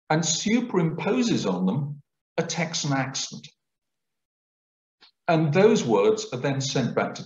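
A man giving a public lecture, explaining things clearly in a lecturing manner. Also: on the high side, darkish tone. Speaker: guest lecturer. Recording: roomy, dull lecture recording.

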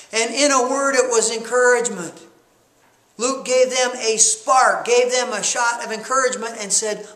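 Male course coach, motivational lecture, high bright voice, roomy echo. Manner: animated storyteller who acts out scenes.

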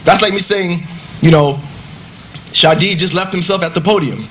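A man's voice: sits high, moderate pace, long pauses, fairly bright tone, slight background noise. A man giving a rebuttal in a debate, emphatic and conversational, pressing his points with rhetorical questions.

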